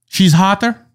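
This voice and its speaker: A man playing a pompous, callous French emperor in a comedy sketch, with a deliberately bad mock French accent that slips toward German. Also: extremely high pitch, breathy edge, voice pushed up, full character voice. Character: blustering jealous French emperor, adult man.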